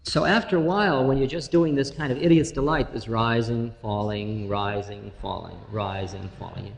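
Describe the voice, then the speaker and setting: A man giving an informal spiritual talk to an audience, telling stories with humor and slow, drawn-out phrases. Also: medium pitch, a little mellow. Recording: reverberant hall, faint noise.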